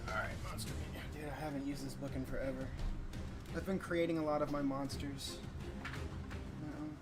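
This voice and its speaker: A man's voice: mid-range voice, normal speed. Laid-back man running a tabletop game. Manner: relaxed, casual, laughs easily. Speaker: game master. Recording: music clearly heard behind.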